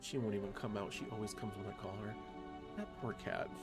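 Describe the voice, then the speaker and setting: A man's voice: lowish voice, fairly even intonation, brisk. A man casually commenting as he plays an online game, chatty and making self-deprecating asides. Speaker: gamer playing an online game. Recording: game music playing underneath.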